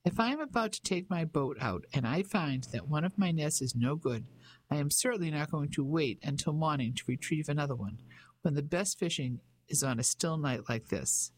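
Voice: mid-range voice, lively intonation, normal speed, no echo, natural voice. A reader voicing a cocky, self-assured local fisherman who teases and mocks in an audiobook. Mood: teasing. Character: cocky teasing local fisherman, grown man. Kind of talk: audiobook character voice.

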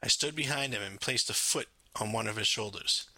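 A man from France narrating his own memoir in a measured, wry storytelling manner. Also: fairly low pitch, pushed and bright, no room sound. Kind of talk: scripted narration.

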